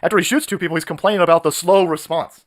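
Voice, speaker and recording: Brief: male streamer, high voice, rapid-fire profane rant, mocking. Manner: profane, mocking, shouting rants with mimicked voices. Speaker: live stream host. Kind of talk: ranting political live stream.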